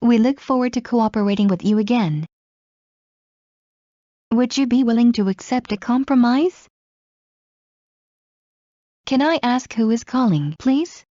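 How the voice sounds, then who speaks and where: A woman reading common English phrases aloud one by one in a clear, measured way, as in a language lesson. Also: on the high side, warm tone, no echo. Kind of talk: slow read-aloud phrase drills. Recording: dull lo-fi recording.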